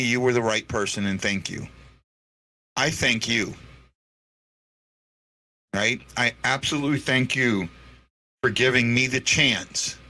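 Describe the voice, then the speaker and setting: A man hosting a fan show, talking in an earnest, halting way and repeating himself while he fights back tears. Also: medium pitch, pushed and bright. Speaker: podcast host. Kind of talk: emotional unscripted monologue.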